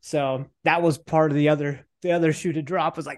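A man's voice: a little high, moderate pace. A man talking casually as a podcast guest, telling a personal story with fillers and the odd curse word. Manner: animated, acts out his own thoughts in quotes; casual, with fillers and occasional cursing. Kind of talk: conversational storytelling.

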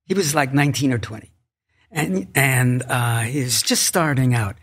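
A man's voice: mid-range voice, moderate pace, a bit bright, breathy edge. An older man, a guest actor, telling rambling stories with many restarts in a podcast interview. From United States.

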